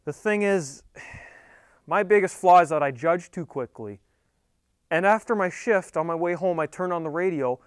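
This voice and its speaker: A young man tells a comic story straight to camera in a rambling, wry, conversational way. His voice sits a little high for a man. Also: clean tone, no echo. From Thunder Bay, Canada. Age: young adult. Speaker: segment presenter.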